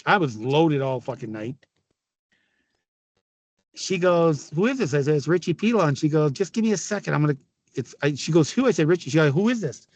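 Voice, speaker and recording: A raspy middle-aged man from Canada spins loud, laugh-filled stories as an interview guest. His voice sits high for a man and sounds dry and close. He swears freely. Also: a little fast, no room sound. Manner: laughing often, swearing, animated anecdotes. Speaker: guest, former hockey player. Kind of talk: casual storytelling interview.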